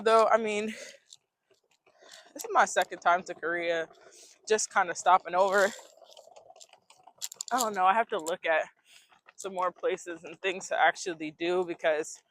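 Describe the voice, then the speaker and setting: A woman's voice: fairly low pitch, a bit bright, rough recording. A woman vlogging outdoors while walking city streets, chatting casually to viewers through a handheld phone and sniffling from the cold. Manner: chatty, joking, talks to viewers as y'all. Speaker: travel vlogger. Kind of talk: casual vlog chat. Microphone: phone camera held while walking.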